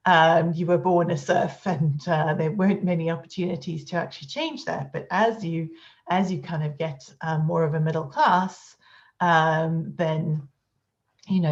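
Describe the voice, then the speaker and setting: A woman's voice: low voice, lo-fi sound. A woman giving an academic conference talk, hesitant and full of fillers, over a video call. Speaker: conference speaker. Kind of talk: academic lecture.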